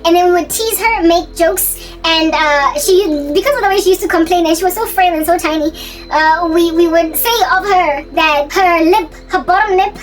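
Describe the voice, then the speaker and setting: A young woman telling a school story in a casual, animated, giggly way. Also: extremely high pitch, soft background music. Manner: giggly, animated, quick asides. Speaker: channel host.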